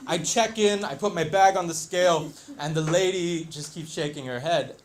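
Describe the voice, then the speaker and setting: Man, live storytelling, animated, slightly high voice, faint background hum. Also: normal speed, hardly any pauses. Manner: animated, acts out quotes, laughs along.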